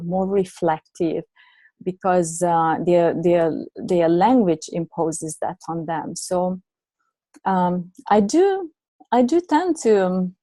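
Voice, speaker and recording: A middle-aged woman whose first language is not English speaks as a guest coach. Her voice sits low and warm, and she reflects slowly with fillers and restarts. The recording is dry and close. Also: no room sound. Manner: reflective, many fillers and restarts, laughs often. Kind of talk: conversational storytelling.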